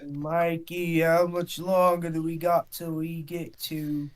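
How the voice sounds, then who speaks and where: A whiny, slurring drunk with a bad New York accent, as a game master puts him on. He pitches his voice up and gets loud and pleading, wheedling his way along. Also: level tone, slow. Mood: drunk whining.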